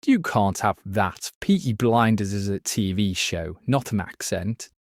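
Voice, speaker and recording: A man playing a quiz contestant, confident and quick to object. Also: lowish voice. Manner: confident, indignant. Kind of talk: casual banter.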